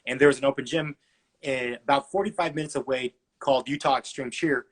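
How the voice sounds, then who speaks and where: A man's voice: mid-range voice, steady tone, fairly quick. A man in his twenties, a podcast guest, telling his story casually with lots of fillers and acted-out dialogue. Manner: chatty, many fillers, acts out dialogue.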